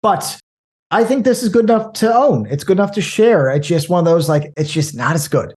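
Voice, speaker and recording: A man talking casually about movies, rambling and animated, with frequent restarts. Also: high-pitched, brisk. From American Midwest. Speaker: podcast guest.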